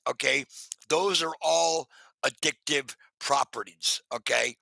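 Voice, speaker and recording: Gravelly, bright-voiced male streamer. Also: fairly high pitch, no room sound, low-quality recording. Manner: rambling, with many fillers and restarts; chatty, greets viewers by name. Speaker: live streamer. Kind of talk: casual live-stream chat.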